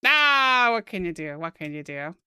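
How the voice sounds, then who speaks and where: A young American woman streaming while she draws, chatting casually with her viewers in a soft-spoken, giggly way. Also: low-pitched, brisk, smooth, no room sound. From United States.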